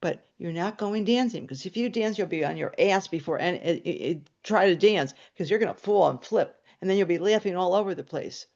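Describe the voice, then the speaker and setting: A woman's voice: on the low side, a little fast, hardly any pauses, a little mellow, dull audio. A woman voicing her exasperated, protective adult brother, who talks in a blunt, scolding way.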